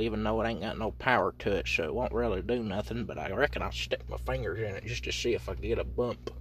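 Young male podcast host, bright and tense tone, profane rambling comic monologue with deadpan absurd asides. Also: mid-range voice, slight background noise. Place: inside a parked truck.

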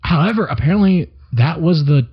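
A man's voice: fairly high pitch, expressive, a little fast, husky. A young adult man co-hosting a podcast, recapping loosely and swearing casually in rambling chat. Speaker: podcast co-host. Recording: dull lo-fi recording.

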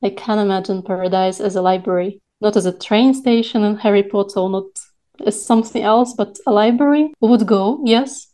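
A woman co-hosting a podcast, speaking in a measured, reflective way in casual chat. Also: mid-range voice, dark tone. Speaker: podcast co-host.

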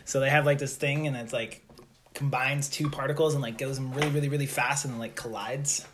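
A young man hosting a podcast with friends, talking loosely and joking as he goes. His pitch sits in the middle of the usual range. A faint hiss of noise runs under the recording. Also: fairly even intonation, a little fast. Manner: rambling, filler-heavy, joking. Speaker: podcast host. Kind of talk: casual podcast chat.

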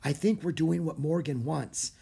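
A man voicing an excited, curious young girl in a storybook reading. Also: on the high side, normal speed, gravelly, breathy edge, pitched above the performer's own voice, exaggerated voice. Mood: eager. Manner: eager, chatty.

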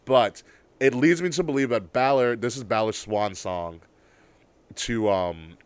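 A young man chatting casually as a podcast co-host, telling an excited story with lots of swearing and bursts of loud laughter. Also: mid-range voice, a little slow, clean tone, dry recording. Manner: excitable storyteller, swears a lot, shouts when worked up. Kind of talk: casual chat.

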